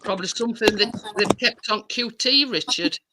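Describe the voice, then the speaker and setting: A man co-hosting a casual live stream, asking slow, musing questions. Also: high-pitched, noisy background. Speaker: co-host.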